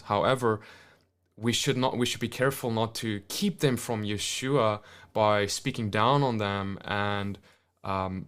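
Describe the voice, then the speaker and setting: A man hosting a podcast interview, his voice smooth and resonant in a fairly low register. He reads out viewer questions, then reflects at length, leaning on rhetorical questions. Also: fairly bright tone. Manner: reflective, builds points with questions. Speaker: podcast host.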